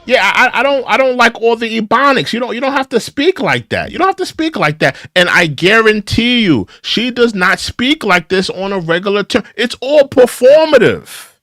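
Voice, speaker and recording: A man's voice: very high voice, big pitch swings, moderate pace, hardly any pauses, a bit bright, no echo, clean studio sound. A man hosting an opinion show, giving critical commentary on clips and repeating his phrases for emphasis.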